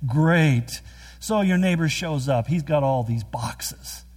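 A man preaching a sermon, earnest and emphatic, with quick storytelling asides. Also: fairly high pitch, lively intonation, a little mellow, breathy edge. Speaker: pastor.

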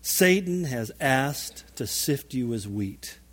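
A preacher doing a soft, tender teacher's voice. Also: male voice, medium pitch, animated, slow, pitched below the performer's own voice. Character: gentle patient male teacher, speaking softly. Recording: long reverb of a large hall.

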